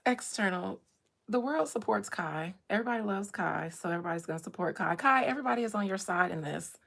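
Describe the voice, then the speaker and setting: A woman hosting a casual chat about astrology and gossip, animated, swinging from low murmurs to loud bursts. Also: fast, vocal fry. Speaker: host.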